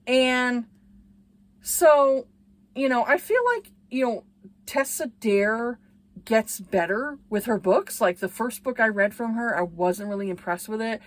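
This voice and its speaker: A chatty woman talks through a book review in a relaxed, rambling way. She leans on fillers and jumps into quoted lines in a playful voice. Her pitch sits in an ordinary middle range. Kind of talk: casual book review chat.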